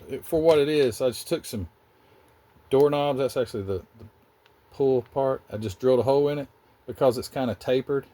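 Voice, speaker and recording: A Southern US-accented man with a medium-pitched, slightly mellow voice hosts a loose, rambling talk on model car building from his hobby workshop. He's chatty and keeps cutting himself off mid-thought.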